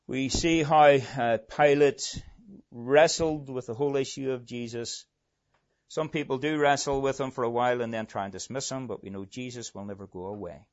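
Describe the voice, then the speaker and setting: A man's voice: mid-range voice, moderate pace, muffled recording. Earnest preacher man, rising and falling. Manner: earnest, building to emphatic peaks then dropping soft. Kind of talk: sermon.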